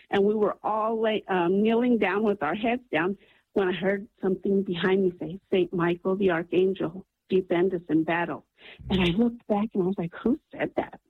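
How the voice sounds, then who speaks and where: A woman's voice: mid-range voice, slightly rough, no room sound. Woman caller on a tinny phone line. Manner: earnest, breathless storytelling with many ums. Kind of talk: phone-in storytelling.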